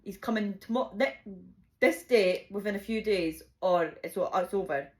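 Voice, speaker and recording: A woman's voice: medium pitch, normal speed, a little mellow, voice pushed down, natural voice. Woman quoting her bossy sister. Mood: firm. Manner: blunt, commanding.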